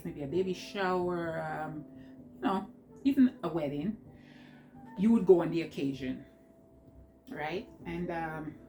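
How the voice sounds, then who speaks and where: A woman with a Jamaican accent talking through a clothing haul in a chatty, rambling way, laughing often, seated at home. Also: low voice. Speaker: vlogger. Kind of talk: casual haul vlog.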